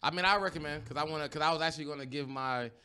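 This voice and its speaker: A man's voice: fairly high pitch, racing, bright, forceful tone, smooth. A man co-hosting a podcast, chatting casually in a loose, rambling way with lots of fillers and restarts. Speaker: podcast co-host. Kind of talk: casual chat.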